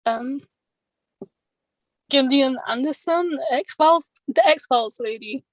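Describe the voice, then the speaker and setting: Woman, chatty guest, light higher voice, dry close sound. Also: slow, no echo, low-quality recording. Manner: chatty, laughs often, many fillers. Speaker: podcast guest. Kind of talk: casual chat.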